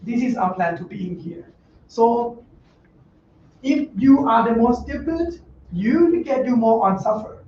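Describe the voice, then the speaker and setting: In a meditation center hall, a male monk with a high, slightly mellow voice teaches an informal Dhamma class, speaking animatedly but unhurriedly. He is blunt and joking and uses broken English punctuated with laughs. The dull mic sounds roomy and distant, with faint noise.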